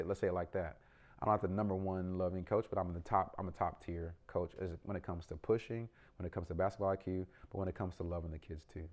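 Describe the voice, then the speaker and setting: A middle-aged man, a parent and youth basketball coach, giving an earnest, rambling update with lots of ums and restarts. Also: low-pitched. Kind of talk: casual vlog update.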